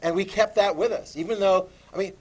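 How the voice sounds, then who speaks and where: A man teaching a class, lively and animated, asking students questions as he lectures. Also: high-pitched, brisk.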